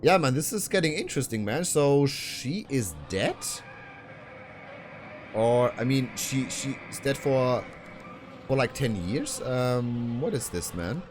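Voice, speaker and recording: A man's voice: mid-range voice, expressive, takes it slowly, noisy background. A man commenting casually on a game he's playing, thinking aloud with fillers. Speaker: let's play gamer.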